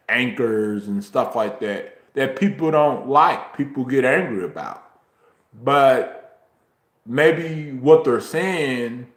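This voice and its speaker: A man with a drawl talks slowly and unhurriedly in a casual livestream chat, rambling from point to point. His mid-pitched voice comes through a phone mic and has a roomy echo around it. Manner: slow, drawn-out, rambling talk with frequent ums. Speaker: YouTuber streaming a chat. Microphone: phone, recorded while walking.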